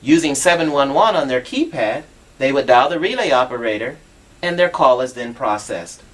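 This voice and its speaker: Lively, animated male equipment demonstrator. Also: mid-range voice, moderate pace. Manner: patient, instructive, step-by-step. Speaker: assistive technology demonstrator.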